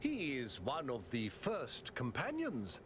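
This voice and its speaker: A man voicing a calm, diplomatic android mayor in a video game, speaking in measured, lofty phrases. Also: mid-range voice. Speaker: city mayor. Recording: dull audio with clear noise.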